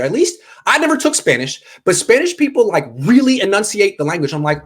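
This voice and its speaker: A man's voice: sits high, very animated, brisk, hardly any pauses, breathy edge. A young adult man from the United States hosting a casual sports chat, reading viewer comments aloud and joking. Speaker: podcast host. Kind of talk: casual live-stream chat.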